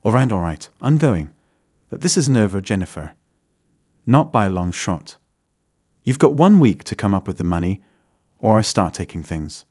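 A man's voice: lowish voice, sing-song, moderate pace, a little mellow, slightly rough, dry recording, clean studio sound. A man voicing a snarling loan-shark thug. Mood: menacing. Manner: snarling, threatening. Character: menacing middle-aged male loan shark.

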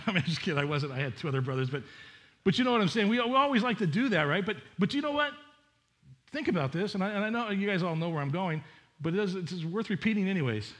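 A man's voice: high voice, fairly bright tone. A male pastor preaching a sermon in an earnest, conversational way, often restarting his sentences. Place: church sanctuary.

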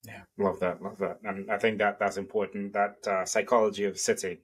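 A man's voice: on the low side, flat delivery, fairly quick, breathy edge. A man hosting a podcast interview, talking in a loose, rambling way and laughing easily. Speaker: podcast host. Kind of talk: casual interview chat.

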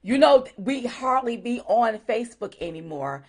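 A woman with a fairly high voice co-hosts a casual livestream, chatty and animated. She talks with strong emphasis and greets her viewers one by one. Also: moderate pace. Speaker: co-host.

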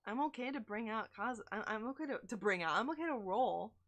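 A young woman streaming a game, chatting with viewers in an excitable, gushing way. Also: on the high side, fast. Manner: excitable, gushing, squeals and laughs, chats with viewers. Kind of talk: live game-stream chat. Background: game music.

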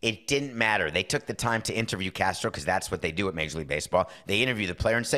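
Deep-voiced, animated, and sharp in tone, a middle-aged man hosts a sports podcast in a casual monologue. He voices firm opinions and acts out dialogue in quick asides.

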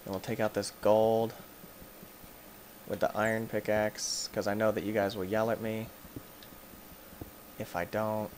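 A man hosting a gaming channel, giving let's play commentary as he plays, excitable and yelping and shouting in panic at the game's monsters. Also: fairly low pitch, unhurried, long pauses, slight background noise.

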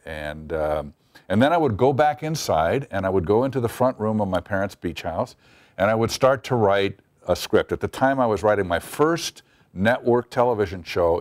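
Acting out the quotes, a middle-aged TV writer shares a wry interview anecdote about his past. The recording has no echo, and his low-pitched voice comes across a little mellow.

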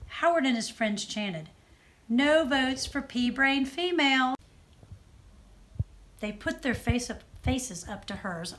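A woman judge reading a children's book aloud with expressive storytelling. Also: on the high side, a little hiss or hum. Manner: expressive storytelling, softer on narration tags.

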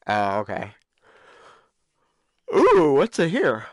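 A man hosting a live stream, chatting excitedly and laughing as he plays a game. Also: on the high side, takes it slowly, pauses often, no echo, clean studio sound. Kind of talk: casual gameplay commentary.

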